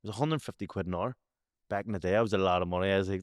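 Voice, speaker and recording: Slurring West Belfast man, low voice. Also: rapid-fire, no echo, clean studio sound. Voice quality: slurred speech. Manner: swears a lot, storytelling. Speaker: podcast host. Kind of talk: casual chat.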